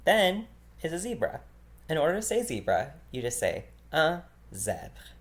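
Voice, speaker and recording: Man, language teacher; easygoing, filler-heavy delivery; repeats every word slowly for beginners. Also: on the high side, very animated. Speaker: French teacher. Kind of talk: beginner vocabulary lesson.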